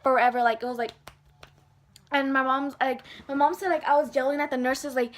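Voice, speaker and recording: A young woman tells a story straight to her camera, her voice sitting high for a woman. She talks casually with a constant stream of fillers and acts out what everyone said. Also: a little fast. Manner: animated, lots of fillers, acts out dialogue. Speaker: vlogger.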